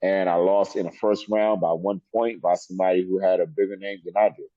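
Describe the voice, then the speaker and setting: A middle-aged man, a wrestler guest in an interview, telling animated stories and laughing often. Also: deep voice, fairly quick, dry recording. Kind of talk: storytelling interview. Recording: dull lo-fi sound.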